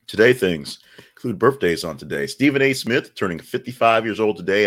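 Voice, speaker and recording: A man hosting a daily news podcast, reading an ad and a rundown in a chatty, rambling way with wry asides. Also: deep voice. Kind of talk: casual news rundown and ad read.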